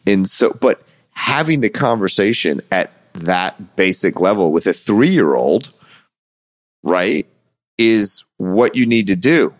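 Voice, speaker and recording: A man co-hosting a podcast, chatting casually and telling a parenting story with lively, acted-out dialogue. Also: fairly low pitch, slow pace, no echo, clean studio sound. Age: adult parent. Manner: animated storytelling, acts out dialogue. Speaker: podcast co-host. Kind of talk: casual conversation.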